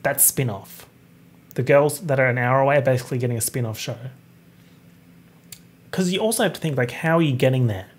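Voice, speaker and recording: A young man chats on his own podcast with a soft, breathy voice. He talks in a lively, campy and expressive way and swears freely. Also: mid-range voice, fairly quick, long pauses. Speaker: podcast host. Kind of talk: casual solo podcast chat.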